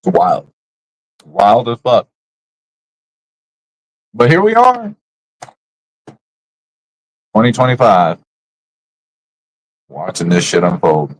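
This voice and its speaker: A man's voice: fairly low pitch, very animated, slow pace, pauses often, low-quality recording. A man streaming live, ranting bluntly about other creators in casual, profane slang. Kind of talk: casual livestream rant.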